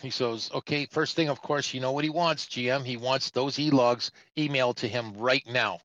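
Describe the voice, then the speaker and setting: Middle-aged trucker, chatty storyteller, mid-pitched voice, dry close sound. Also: male voice, moderate pace, dry recording, muffled recording. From Canada. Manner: rambling, animated, acts out the voices of other people. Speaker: truck driver telling a story on a trucking talk show. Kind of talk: casual storytelling.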